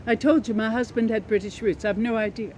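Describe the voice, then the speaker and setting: A woman voicing a polite Canadian widow on a tour, gentle and a little hesitant. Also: a little high, fairly even intonation, fairly quick, slight background noise, natural voice, low-quality recording. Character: polite Canadian widow traveller, music lover.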